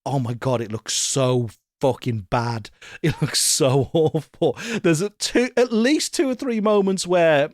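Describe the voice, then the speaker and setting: A man co-hosting a casual podcast, animated and sweary, laughing often. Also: fairly high pitch, unhurried, no echo, studio quality. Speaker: podcast co-host. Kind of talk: casual chat.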